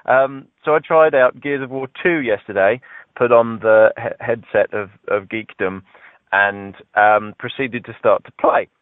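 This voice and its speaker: A man's voice: mid-range voice, dry recording. A man with a southern English accent, telling a self-mocking story in casual podcast chat. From Britain. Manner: wry, self-mocking, animated. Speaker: podcast co-host. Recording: tinny phone-line sound.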